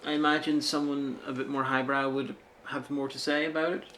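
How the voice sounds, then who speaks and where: A man co-hosting a film review show in casual chat, dry and halting with asides. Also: medium pitch, flat delivery, a bit bright, slight background noise.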